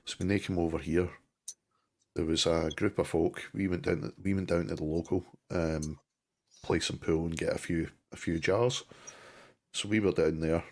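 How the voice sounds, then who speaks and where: Husky low-voiced Glasgow man. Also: steady tone, normal speed, darkish tone. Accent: Scottish, Glasgow area. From Scotland, Clydebank near Glasgow. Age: middle-aged. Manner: storytelling, swears freely, restarts a lot. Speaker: co-host. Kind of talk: casual chat on a live stream.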